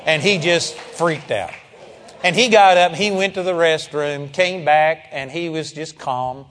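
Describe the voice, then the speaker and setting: A man preaching, telling a story in an animated, emphatic way and calling out amen. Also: fairly high pitch, a little slow, long reverb tail. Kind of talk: storytelling sermon.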